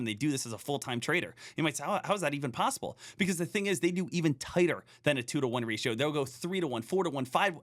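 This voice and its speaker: Upbeat stock trader man, higher voice. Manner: energetic, repetitive, coaching tone. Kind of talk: podcast interview talk.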